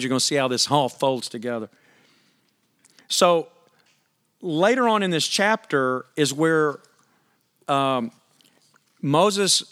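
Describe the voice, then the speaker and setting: A man's voice: on the high side, fairly bright tone. A man preaching a sermon in a conversational, candid way, asking the listeners rhetorical questions. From United States. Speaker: pastor.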